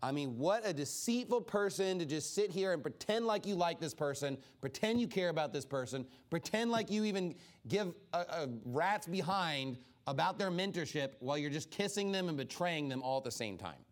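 A man's voice: on the high side, moderate pace, hardly any pauses. A man teaching an informal Bible study sermon in a casual way, acting out the people he quotes. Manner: animated, acts out quoted speakers; casual, many "like" fillers.

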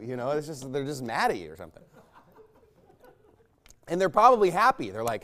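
A man's voice: medium pitch, very animated, fast, pauses often, fairly bright tone. A man preaching a sermon in a loose, conversational way, often checking with the congregation. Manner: conversational, rambling, asks listeners "right?".

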